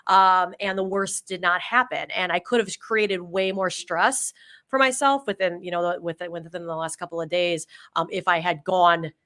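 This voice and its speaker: A woman co-hosting a podcast, telling a long, rambling story in a casual, animated way. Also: on the low side, normal speed. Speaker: podcast co-host. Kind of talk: casual chat.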